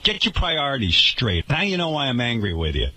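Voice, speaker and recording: A husky-voiced man rants on his radio talk show, sarcastic and indignant. His pitch swings widely as he talks, and his tone stays forceful and sharp throughout. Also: huge pitch swings, a little fast, no echo.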